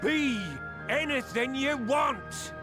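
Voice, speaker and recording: An actor playing a weathered old male pirate captain who scolds and rallies his crew in gruff pirate speech for a game cutscene. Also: very high voice, slow. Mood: rousing. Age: older. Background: game music.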